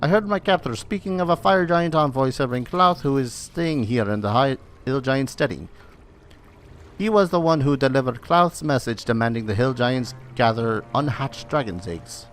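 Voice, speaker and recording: A proud barbarian warrior woman, freed from captivity, speaks in solemn, formal phrases, as a man puts her on. The voice carries a wobbly put-on accent and a steady mid pitch. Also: moderate pace, natural voice. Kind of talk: reading game dialogue aloud.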